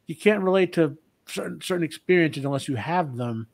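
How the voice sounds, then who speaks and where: A man in casual discussion, talking in a rambling, halting way with lots of filler words. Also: on the high side, expressive, creaky, darkish tone, no echo. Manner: rambling and halting, with frequent "you know" and "like". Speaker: co-host.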